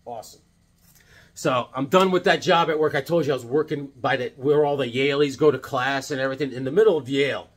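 A man with a mid-range voice talks a little fast as he shows off his comic book collection, rambling and joking and often acting out little conversations in silly voices.

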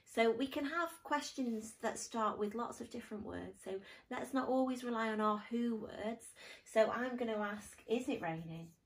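A woman's voice: fairly high pitch, moderate pace, distant mic, poor audio. A woman teaching a grammar lesson to pupils, patiently explaining step by step with examples.

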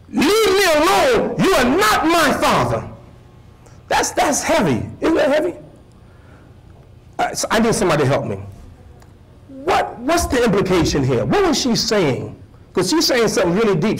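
Speaking in a slightly high male voice on a rough recording, a U.S. imam lectures a live crowd in animated sermon fashion. He leans on repeated phrases for emphasis and puts questions to his listeners.

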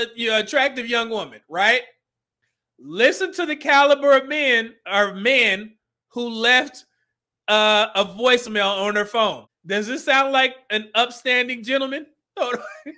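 Man, livestream host, high voice, bright tone, blunt, preachy, laughs often. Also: a little slow. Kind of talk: livestream commentary on clips.

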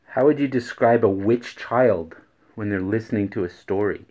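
A man's voice: lowish voice, normal speed. A man hosting a daily joke vlog who repeats each riddle and laughs at his own punchlines. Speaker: host. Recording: dull lo-fi recording.

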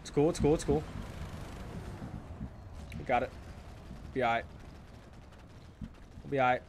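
A man streaming his gameplay speaks a little slowly at a medium pitch, with a bit of hiss or hum in the recording. His commentary to viewers is laid-back and joking, marked by repeated phrases and swearing when things go wrong.

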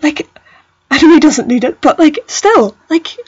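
A woman with a Northern Irish accent, co-hosting a casual podcast chat, chatty and quick to laugh. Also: high voice, animated, lo-fi sound. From Northern Ireland. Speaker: podcast co-host.

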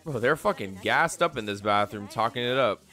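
Lively, profane young man reacting. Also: fairly low pitch, normal speed, faint music behind. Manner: animated, profane, laughs often. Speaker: anime reaction streamer. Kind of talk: live reaction commentary.

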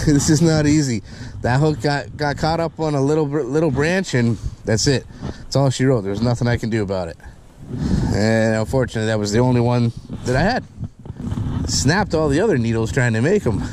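A man filming a fishing vlog outdoors by a canal, talking to viewers and getting loud and excited whenever a fish bites. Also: medium pitch, fairly quick, noisy background. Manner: excitable, talks to viewers as "guys", shouts and laughs when a fish bites. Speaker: fishing vlogger.

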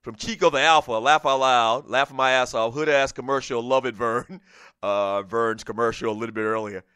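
A man hosting a casual sports talk show, animated, often laughing and reading listener messages aloud. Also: mid-range voice, moderate pace, smooth, dry recording, studio quality.

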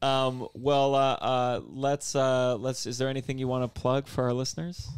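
A man's voice: mid-range voice, flat delivery, normal speed, clear, resonant tone, no echo. A man hosting a podcast in casual chat, rambling and playful, often stumbling and restarting. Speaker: podcast host.

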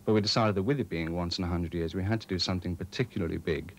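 A man's voice: deep voice, rapid-fire. A young man organising a student music society, talking earnestly through plans with frequent hesitations. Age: young adult. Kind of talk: committee discussion and radio interview.

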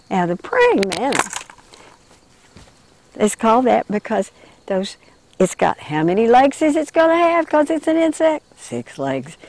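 A woman leading children through an interactive insect story, telling them how to move and what to say, slowing and hushing for the gentle parts. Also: on the low side, gravelly, slight background noise. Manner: animated, slows and drops to a hush for gentle moments.

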